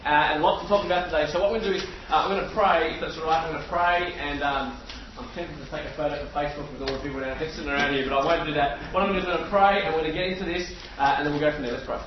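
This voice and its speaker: An Australian man in his forties preaching to a room of people, telling stories in an excitable, animated way. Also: on the high side, very fast, far from the mic, background noise. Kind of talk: sermon with storytelling. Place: room with a live audience. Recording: echoey room, slightly dull sound.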